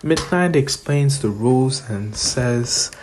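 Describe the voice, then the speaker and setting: A woman's voice: very deep voice, expressive, takes it slowly, background noise. A woman telling a fan-made what-if story in a rambling, improvised way. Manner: rambling, with many fillers and restarts.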